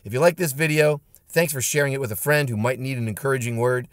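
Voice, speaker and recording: A man's voice: medium pitch, fast talker, dry recording, studio quality. Emphatic man giving a pep talk. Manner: emphatic and punchy, with blunt pep-talk lines. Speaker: martial arts instructor and channel host. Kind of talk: motivational talk to camera.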